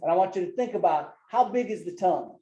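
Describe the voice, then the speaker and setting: Teaching a group Bible study in a church classroom, a man keeps it loose and folksy with personal stories, frequently tagging sentences with "man" and "right?". His high-sitting, dark-toned voice is animated and fast, heard in an echoey room on a muffled recording.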